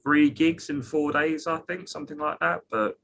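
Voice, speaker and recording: A man's voice: a little high, moderate pace, a bit bright. A man, a band member guest on a podcast over a video call, talking in a rambling, laid-back way. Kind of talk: casual interview.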